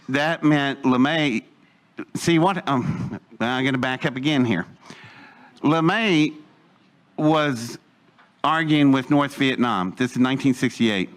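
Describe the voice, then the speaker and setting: Guy telling a story to a crowd, acts out everyone's lines, chuckles a lot, medium voice. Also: medium pitch. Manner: animated storyteller acting out other people's lines, laughing between bits. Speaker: storyteller guest. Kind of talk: casual storytelling to an audience.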